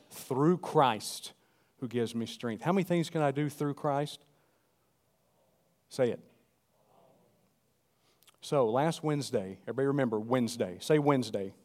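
A middle-aged man preaching a sermon, animated and calling out to the congregation. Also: mid-range voice. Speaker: pastor.

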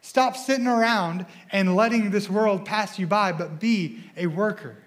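A young man preaching a sermon as a student pastor in a church, energetic and excitable, often stumbling and repeating words as he speaks. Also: high voice, a little slow.

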